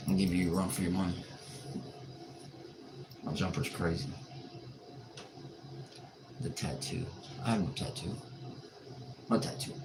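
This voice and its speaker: A tired man with a low voice hosts a late-night livestream, reading comments and joking back in an easygoing way. His audio comes through with clear background noise. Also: level tone, unhurried, long pauses. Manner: laid-back, joking, reads and answers chat comments. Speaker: livestream host.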